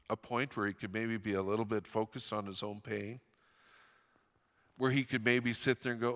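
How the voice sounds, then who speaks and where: A man in his fifties from Western Canada preaching a sermon as pastor, reading scripture dramatically and dropping into a soft, confiding tone for personal stories. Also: mid-range voice. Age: 50s. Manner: dramatic scripture reading, slowing and rising on quoted lines. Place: church sanctuary. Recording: long hall reverb from a church sanctuary.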